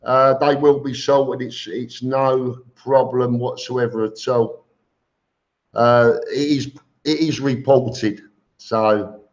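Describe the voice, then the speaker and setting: A man's voice: medium pitch, steady tone, takes it slowly. A man hosting a casual live stream, reading viewer comments aloud and answering them with chuckles. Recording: dull lo-fi stream audio.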